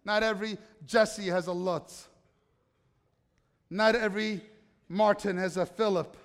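A man preaching a sermon as pastor, animated, swinging between loud urgency and quiet hushed stretches. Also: high voice, a little slow, big-room sound. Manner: animated preaching, shifts from loud excitement to soft hush. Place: church sanctuary.

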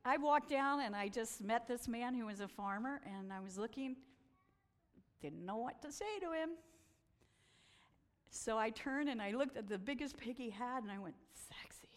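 A woman telling stories from a slideshow talk, animated and acting out the voices she quotes. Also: a little high, normal speed, big-room sound. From United States. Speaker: speaker presenting photos.

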